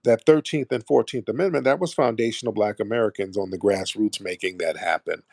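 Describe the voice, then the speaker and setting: Mocking, gravelly man hosting a call-in. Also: lowish voice, a little fast, a little mellow, no room sound, clean studio sound. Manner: mocking, combative, talks over the caller. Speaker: host. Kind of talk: heated live call-in debate.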